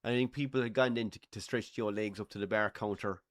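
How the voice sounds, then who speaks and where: A man's voice: fairly low pitch, steady tone, fairly quick, dry recording, clean studio sound. An Irish man co-hosting a live golf watchalong from a bar, telling a story in casual, swearing, laughing style. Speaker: watchalong co-host.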